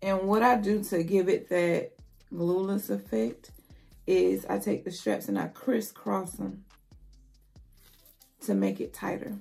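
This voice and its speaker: A woman's voice: medium pitch, flat delivery, slow, gravelly, pauses often, mellow, soft background music. A woman hosting a casual wig review vlog, chatty and playful, talking straight to her viewers. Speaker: beauty vlogger.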